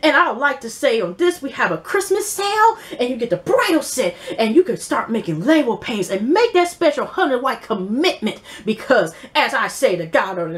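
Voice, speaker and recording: A woman's voice: a little high, big pitch swings, moderate pace, fairly bright tone. A woman putting on a stiff, overly formal woman who recites scripted, polite lines. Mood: salesy. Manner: prim, rehearsed, customer-service politeness.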